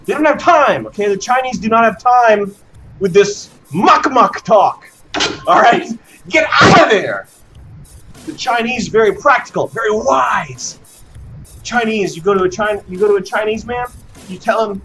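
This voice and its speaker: A man's voice: high-pitched, lively intonation, unhurried, a bit bright, soft background music. A man delivering a mocking comedic rant in a sarcastic, sing-song manner, often tagging lines with "okay?". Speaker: comedic host.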